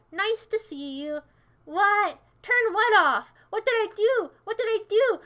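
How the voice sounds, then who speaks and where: High, bright American woman streamer. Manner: sarcastic, teasing, rambling. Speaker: livestreamer. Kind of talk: casual livestream chat, reading chat aloud.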